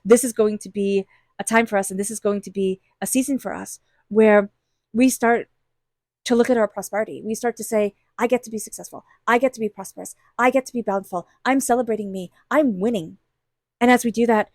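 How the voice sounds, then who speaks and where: With a medium-pitched, slightly mellow voice, a woman offers an intuitive tarot reading, earnest and encouraging as she addresses the listener directly. The studio-quality recording has no echo.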